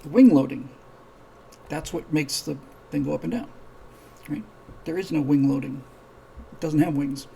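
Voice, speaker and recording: Man, host, very gravelly voice, slightly high pitch, rambling storytelling, faint hiss behind. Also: moderate pace, pauses often, dark tone, rough recording. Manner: rambling, many restarts, acts out dialogue. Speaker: show host. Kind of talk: live-streamed casual storytelling.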